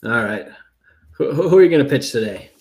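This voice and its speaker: A man's voice: medium pitch, lively intonation, a little mellow. Upbeat man hosting a livestream panel. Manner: upbeat, rapid, jokey. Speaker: host.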